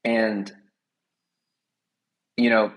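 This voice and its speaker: A man's voice: lowish voice, little pitch movement, extremely slow, low-quality recording. A man speaking as a podcast guest, talking earnestly and with many fillers in a casual conversation.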